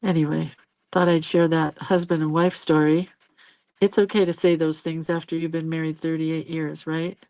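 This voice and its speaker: Chatty older woman with a low, dry voice. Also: little pitch movement, normal speed, warm tone, dry recording. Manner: chatty, laughs often, jumps between stories and viewer comments. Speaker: host of a live drawing stream. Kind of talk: casual chat while drawing on a live stream.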